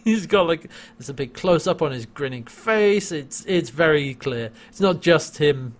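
Man, casual chat, laughs a lot, lively pitch, slightly high voice. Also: measured pace. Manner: animated, laughs often, acts out quoted lines. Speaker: podcast co-host recapping a TV episode.

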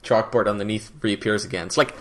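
A man's voice: lowish voice, steady tone, quick pace. A man co-hosting a podcast in casual chat, recapping a TV episode and adding wry comments.

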